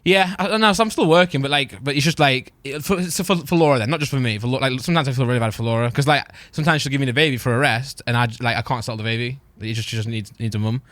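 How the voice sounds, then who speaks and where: Young man, fast and lively podcast co-host, dry close mic. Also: no room sound. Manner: laughing storyteller with bursts of high excitement. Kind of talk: casual chat.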